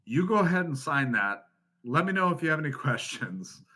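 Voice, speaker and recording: A man's voice: fairly high pitch, moderate pace, breathy edge. A man in his thirties, a podcast guest telling a story casually, swearing often and laughing as he goes. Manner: profane, laughing, animated storyteller.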